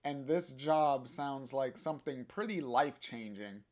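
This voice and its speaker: A man's voice: mid-range voice, expressive, a little slow, a little mellow, natural voice. A man voicing a friendly young woman drummer, reading her lines plainly with fillers.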